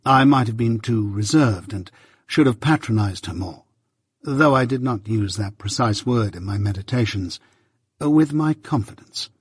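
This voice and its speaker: A man reads a classic novel aloud in a measured, reflective first-person narration. His voice has a husky grain, recorded close and dry with no room sound. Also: on the low side, expressive, no room sound. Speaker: audiobook narrator.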